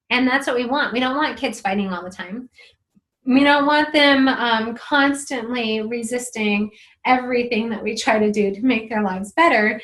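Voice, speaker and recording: A woman's voice: a little high, a bit bright, low-quality recording. A middle-aged woman hosting a marriage video series, talking to camera in an earnest, encouraging way with many fillers. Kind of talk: casual talk to camera.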